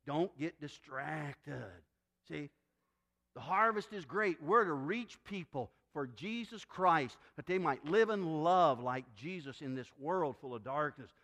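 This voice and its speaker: Male pastor, fairly high voice, very lively pitch, sermon delivery that acts out voices. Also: unhurried. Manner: animated preaching, acts out quoted voices.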